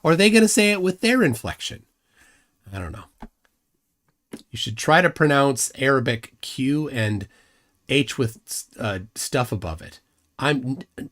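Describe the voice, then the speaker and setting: A man's voice: medium pitch, very animated, measured pace, pauses often, a bit bright. A middle-aged man hosting a live stream, rambling and self-deprecating with many restarts. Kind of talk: casual live commentary.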